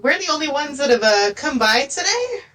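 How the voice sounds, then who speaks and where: A woman player speaking in character in a tabletop game, calm and polite. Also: high voice, brisk, poor audio. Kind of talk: in-character tabletop role-play.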